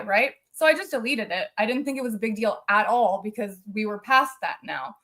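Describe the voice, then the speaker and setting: A woman speaks as a live-stream guest, her voice sitting a little higher than most. She recounts her own experiences earnestly and with feeling, circling back over the details as she goes. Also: lively intonation, brisk, few pauses, a bit bright. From United States. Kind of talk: personal storytelling on a live stream.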